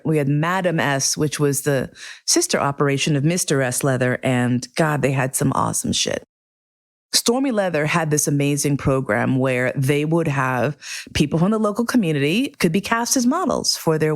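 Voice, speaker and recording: A middle-aged woman hosting a podcast, telling a personal story in a candid, profane, animated way. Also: deep voice. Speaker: podcast host. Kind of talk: casual storytelling monologue.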